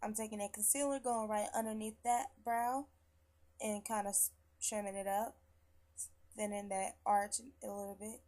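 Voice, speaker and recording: A young woman vlogger, chatty and rambling, swearing freely as she gives shout-outs and walks through her everyday makeup routine at home. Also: medium pitch, level tone, moderate pace. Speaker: beauty vlogger. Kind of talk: casual makeup tutorial. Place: at home after work.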